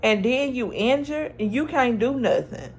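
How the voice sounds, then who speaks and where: A woman's voice: a little high, animated, unhurried, darkish tone, a little hiss or hum. A woman recapping a TV episode in chatty, slangy storytelling, acting out the characters' lines. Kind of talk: casual TV recap.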